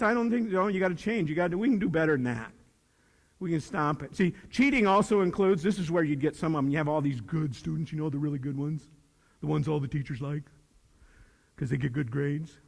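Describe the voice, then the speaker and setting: A middle-aged man with a high voice addresses students in a folksy, animated way, slipping into little voices for the dialogue he acts out. His words ring with the long reverb of a large hall. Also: normal speed, creaky, long pauses, husky. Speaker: teacher giving a talk. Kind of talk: motivational speech to students.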